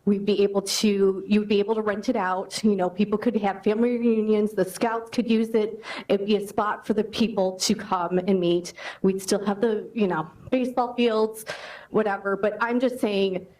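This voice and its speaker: A woman makes a public comment at a town meeting, hesitant and pausing on ums. Her voice is at a middling pitch. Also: steady tone, a little mellow, poor audio. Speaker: resident.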